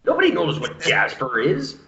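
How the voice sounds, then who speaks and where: A man's voice: fairly high pitch, wildly swooping pitch, normal speed, a crowd in the background. A Canadian man hosting a casual podcast, ranting and joking with plenty of swearing. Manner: profane, ranting, jokey impressions. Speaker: podcast host. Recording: roomy, dull lo-fi home recording.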